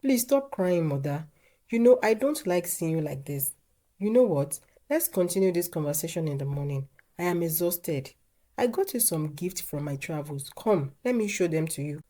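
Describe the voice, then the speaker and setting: A woman voicing a calm, reasonable husband in a storybook tale. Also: lowish voice, normal speed. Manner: calm, patient, reassuring.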